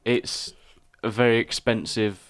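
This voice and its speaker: A young man, co-hosting a casual podcast chat in a relaxed, rambling way with many restarts. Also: on the low side, a little slow. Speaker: podcast co-host.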